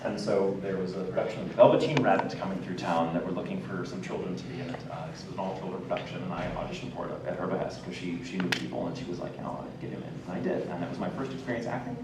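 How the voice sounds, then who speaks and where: A man's voice: low voice, very fast, hardly any pauses, far from the mic, heavy background noise. An American man, a voice actor telling stories at a convention panel with lots of laughter. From United States. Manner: animated storyteller, laughs often. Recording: echoey hall recorded from afar.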